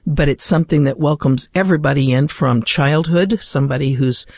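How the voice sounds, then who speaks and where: A man's voice: on the high side, brisk, gravelly, dry recording. An American man speaking thoughtfully with frequent fillers, explaining a poem and then reciting it. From United States. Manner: thoughtful, hesitant with many fillers. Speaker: literature guest.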